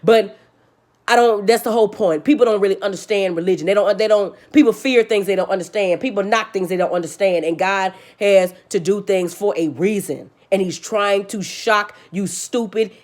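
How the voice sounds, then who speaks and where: At an ordinary pace, a female vlogger delivers a heated rant loaded with swearing, preaching and hammering the same points. Her delivery swings from loud bursts to low, subdued passages.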